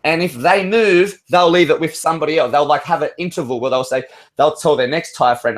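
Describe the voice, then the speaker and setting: A man on an open-mic hangout call, talking in a loose, rambling way with plenty of swearing. His voice sits slightly high for a man, and he keeps his stories going without a pause. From Australia. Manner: rambling, profane storytelling. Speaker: caller. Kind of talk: casual open-mic chat.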